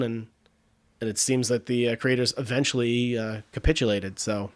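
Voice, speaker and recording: A man's voice: mid-range voice, fairly even intonation, normal speed. A man hosting a podcast in casual chat, with congested sinuses, rambling and restarting his sentences with frequent laughs. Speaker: podcast host.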